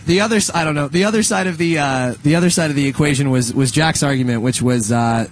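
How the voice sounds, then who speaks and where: A man's voice: on the high side, quick pace, crowd noise. A young man in his twenties co-hosting a radio show, chatting casually in a rambling, joking way, full of restarts and laughter.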